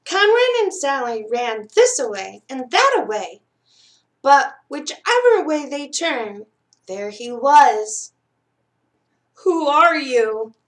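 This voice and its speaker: A woman reads a children's picture book aloud for library storytime, in a fairly high voice. She takes it slowly and expressively, dropping softer at the suspenseful parts. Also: very animated. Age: adult.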